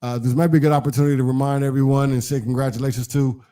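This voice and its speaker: A man with a mid-pitched voice, co-hosting a casual live-streamed chat. He speaks in a laid-back, halting way, often restarting his sentences. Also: fairly even intonation, dark tone. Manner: hesitant, many uh fillers and restarts, laid-back. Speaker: co-host.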